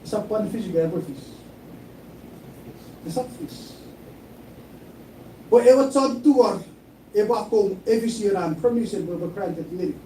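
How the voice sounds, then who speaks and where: A man with a high, mellow voice preaches in a sermon, often repeating his phrases. He sounds a little distant from the mic, in an echoey room. A faint hiss sits under his voice. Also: normal speed. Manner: preaching, mixing English with Chuukese, repeating phrases. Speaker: pastor.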